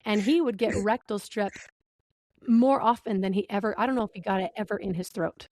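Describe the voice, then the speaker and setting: A woman's voice: mid-range voice, brisk, a little mellow, no room sound. Laughing woman telling a candid story. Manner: candid storyteller, laughs a lot, acts out dialogue. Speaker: podcast host. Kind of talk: casual chat.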